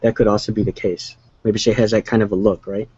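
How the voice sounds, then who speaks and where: A man's voice: on the low side, little pitch movement, quick pace, darkish tone, husky, no echo, muffled recording. A man co-hosting a casual movie chat, rambling and hesitant, often restarting his sentences. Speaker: co-host.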